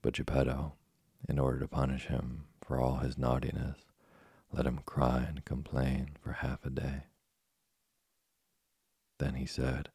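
A man reading a storybook aloud as narrator, with a gravelly, husky voice and a steady delivery. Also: very deep voice, unhurried, no echo. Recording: dry close studio sound.

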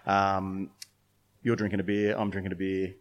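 A man talks in a loose, rambling way, stopping and restarting his sentences. His voice sits fairly low. He sounds like a brewer swapping stories in a relaxed podcast chat. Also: normal speed, highs cut off. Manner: rambling, many restarts and fillers, storytelling. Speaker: brewer and beer judge.

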